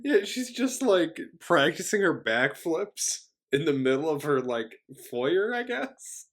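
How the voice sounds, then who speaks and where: Male podcast co-host with a lively, swinging pitch; casual review chat, laid-back and amused. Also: takes it slowly.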